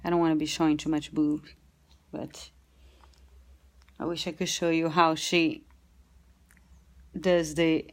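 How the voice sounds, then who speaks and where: A woman talking casually about caring for her baby while holding and rocking her at home, gentle and unhurried with frequent pauses. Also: sits low. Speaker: vlogger and new mother. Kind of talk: casual parenting advice vlog.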